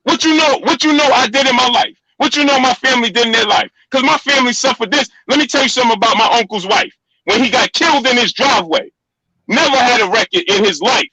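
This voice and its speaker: A man's voice: extremely high pitch, fast, bright, forceful tone, husky, no echo, poor audio. A middle-aged man arguing on a live stream, insistent and repetitive, talking over the other speaker. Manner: insistent, repeats himself, talks over others. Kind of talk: heated live-stream argument.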